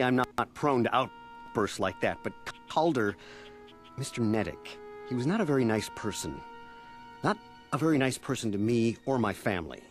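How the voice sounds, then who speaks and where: A defensive settler suspect voiced by a man pleads his innocence in a lowish voice that rises and falls a great deal. He sounds earnest and flustered, with a studio game-dialogue delivery. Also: natural voice. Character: defensive middle-aged male settler suspect. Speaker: game character. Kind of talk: studio video game voice acting.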